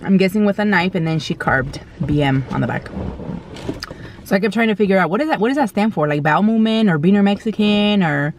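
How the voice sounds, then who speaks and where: A woman's voice: medium pitch, expressive, quick pace, slight background noise. A woman vlogger telling a story in a casual, blunt way, with slang and mild swearing, while she eats. She acts out quoted lines in a raised, exclaiming voice.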